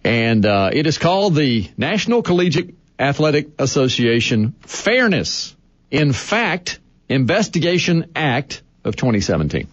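A man's voice: a little high, very animated, unhurried, breathy edge, no echo, lo-fi sound. A man hosting a sports radio talk show, reading a story with amusement and laughing at it.

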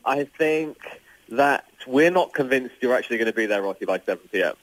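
A man's voice: mid-range voice, animated, a little fast, fairly bright tone, no echo, rough recording. A British man presenting radio, teasing dryly in casual on-air chat. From Britain. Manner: dry teasing.

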